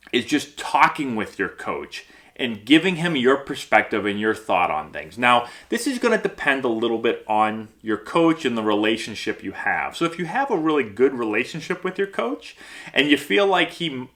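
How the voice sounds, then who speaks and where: A male baseball instructor hosts his own vlog in a friendly, conversational tone. His voice is bright and animated, with a mid pitch that moves around a lot. He keeps tagging questions onto his points. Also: moderate pace. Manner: upbeat, conversational, constant "okay?" and "right?" check-ins.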